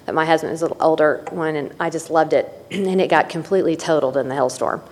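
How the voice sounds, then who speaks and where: A woman's voice: sits low, fairly even intonation, fast talker. A middle-aged woman telling her personal story at a recovery meeting, candid and folksy with wry asides. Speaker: speaker sharing at a recovery meeting. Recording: long hall reverb.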